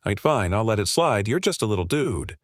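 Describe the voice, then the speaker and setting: A man's voice: lowish voice, sing-song, a little fast, no room sound. A man reading the lines of a suspicious village boy in a mumbling, sullen way, close to his own voice. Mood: grudging.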